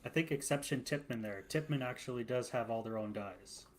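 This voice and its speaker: A man in casual podcast chat, measured and thoughtful, who tends to trail off. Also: mid-range voice. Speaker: podcast co-host.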